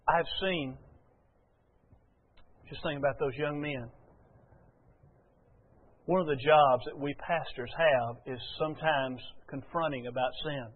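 A man's voice: fairly high pitch, measured pace, long pauses. A male pastor delivering an earnest, emphatic sermon in a church, often repeating his key phrases. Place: church sanctuary. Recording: phone-like sound in a long-echo hall.

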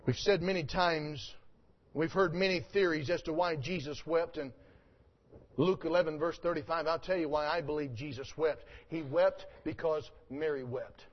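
A man with a high voice preaches a sermon, reading old scripture softly and then building to loud, emphatic appeals. The recording sounds dull and muffled, like an old lo-fi tape. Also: fairly even intonation, moderate pace.

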